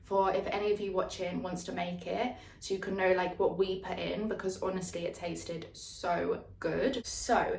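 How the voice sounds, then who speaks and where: A young woman chatting casually to her phone camera for a vlog, lively and a little rambling, using casual slang. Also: fairly low pitch, moderate pace, vocal fry, hardly any pauses, far from the mic. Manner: chatty, excitable, says "proper" and "bear with". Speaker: vlogger. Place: outdoors by the sea, then an apartment kitchen. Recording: echoey with loud background noise.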